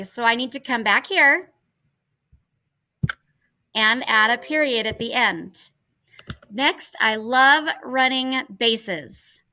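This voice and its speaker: A woman teacher leads a children's writing lesson from home, speaking very slowly and spelling out each letter. Her voice is bright and a little high. It is picked up by a laptop microphone. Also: low-quality recording. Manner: patient, spells out letters and steps aloud. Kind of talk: slow, careful online writing lesson for children. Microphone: laptop computer mic.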